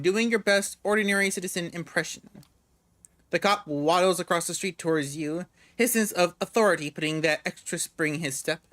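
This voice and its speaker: A man reads game narration aloud in a casual, relaxed way, often tripping over words and starting them again. His voice is bright and sharp, and it sits a little high for a man. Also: no echo. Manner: stumbles and restarts words while reading. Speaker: gamer reading a visual novel aloud.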